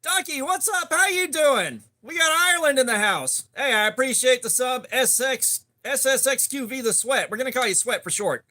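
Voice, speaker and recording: A man's voice: very high-pitched, normal speed, few pauses, pushed and bright. A man hosting a laid-back live stream, greeting chat viewers by name. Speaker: livestream host.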